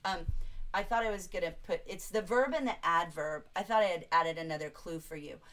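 A woman's voice: lowish voice, fairly quick, a bit bright. A woman teaching a livestreamed English lesson, chatting enthusiastically, reading quotes aloud and answering viewers' comments.

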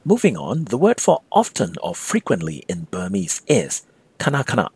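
Husky-voiced man teaching a language lesson. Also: fairly low pitch, wildly swooping pitch, a little mellow, no room sound. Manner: slow, careful repetition of example phrases. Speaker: language instructor.

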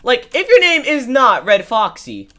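A woman's voice: fairly high pitch, wildly swooping pitch, unhurried, fairly bright tone. A woman giving sarcastic, dramatic gameplay commentary while sick, her voice nasal and congested. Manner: sarcastic, exclaiming, dramatic mock complaints. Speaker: gaming video creator.

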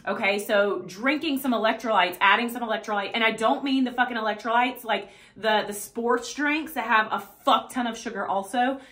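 A woman's voice: a little high, a little fast, hardly any pauses, bright, forceful tone. A woman fitness coach in a casual motivational vlog, blunt and profane, with emphatic delivery and a habit of checking in with "okay?" and "right?".

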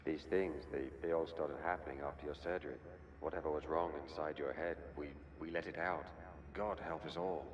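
An actor playing a menacing, two-sided male figure in a horror game, speaking low, slow and ominous. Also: fairly even intonation, lo-fi sound, slight background noise. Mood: grave.

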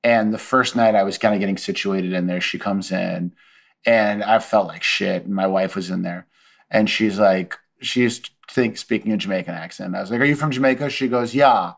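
A man's voice: low voice, moderate pace, gravelly. A man in his forties, a guest on a casual podcast chat, telling comedic stories and acting out the voices of the people in them. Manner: animated storyteller who acts out quoted voices.

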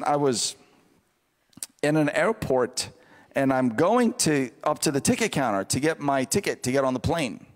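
A man preaching a revival sermon, telling a story in a lively way and building to shouted fervor. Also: on the high side, in a large hall. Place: large church auditorium.

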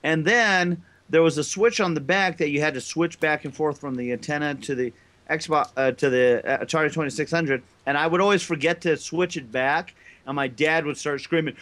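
Higher-pitched man telling stories. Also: a little fast. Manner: storytelling, acts out quotes loudly. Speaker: podcast co-host. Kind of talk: casual group chat.

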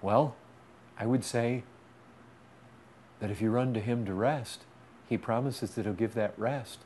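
Male preacher, mid-pitched, impassioned sermon delivery, loud pleas dropping to hushed intensity, repetitive cadence. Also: a little slow, slight background noise. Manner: repetitive, pleading rhetorical cadence.

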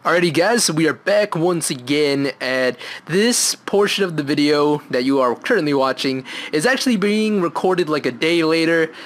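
A young man commentating on a video game from his room at home, excitable and rambling, now and then breaking into snatches of song. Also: a little high, normal speed, few pauses, slight background noise, rough recording. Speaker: gameplay commentator. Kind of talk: gameplay commentary.

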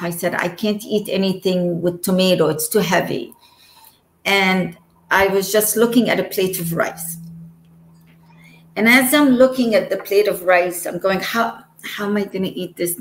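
A woman in her forties from Egypt tells her personal story slowly and earnestly. Her words carry a little roomy echo, and her middle-pitched voice breaks into the odd quick giggle. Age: 40s. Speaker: guest telling her near-death story. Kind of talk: emotional personal testimony.

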